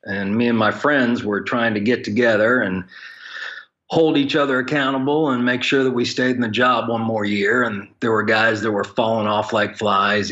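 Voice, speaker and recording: Lowish-voiced guy on a podcast telling blunt funny stories, kinda muffled lo-fi sound. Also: sharp tone. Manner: frank, joking storyteller with plain blunt wording. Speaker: guest, ministry leader for pastors. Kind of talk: conversational podcast storytelling.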